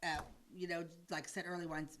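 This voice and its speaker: Bright-voiced chatty woman co-host. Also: lowish voice, level tone, brisk. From United States. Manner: chatty, rambling, stumbling over names. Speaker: podcast co-host. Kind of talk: casual chat.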